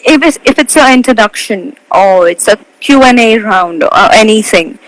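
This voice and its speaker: A woman in her twenties, a pageant titleholder, giving earnest tips over a live video call. She leans on key words and slows down to make a point. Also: mid-range voice, expressive, no echo, low-quality recording. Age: 20s.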